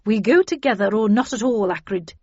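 A woman reader voices a seasoned woman field agent who barks her orders briskly and takes charge. Her voice rises higher and louder than the narration. The audio is dry, with a slightly muffled top. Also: lively intonation, slightly rough, no room sound. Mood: firm.

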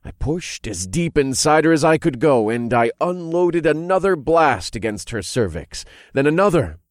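A man narrating an adult audiobook in the first person, with an expressive reading that builds in intensity. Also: on the high side, normal speed, no echo, studio quality.

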